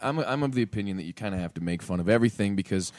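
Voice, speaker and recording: A man's voice: lowish voice, very fast. A young adult man, a stand-up comedian, casually telling a story on a podcast and acting out the people in it. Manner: animated, acts out the people in his stories.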